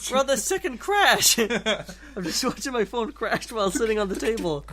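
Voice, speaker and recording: A man's voice: sits high, normal speed, a crowd in the background. A young man co-hosting a casual podcast, telling stories with a lot of laughter. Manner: laughing, animated storytelling. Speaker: podcast co-host. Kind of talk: casual chat.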